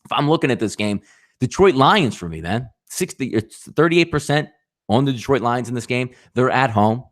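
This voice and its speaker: A man's voice: medium pitch, expressive, normal speed. A man hosting a live sports betting show, talking animatedly with rhetorical questions and addressing viewers as folks.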